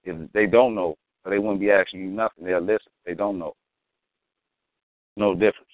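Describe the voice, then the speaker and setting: A man speaks at a moderate pace in a low, steady voice, co-hosting a podcast where he chats casually and tells stories with slangy emphasis. There's no room sound, as the recording is dry and lo-fi, resembling a phone line.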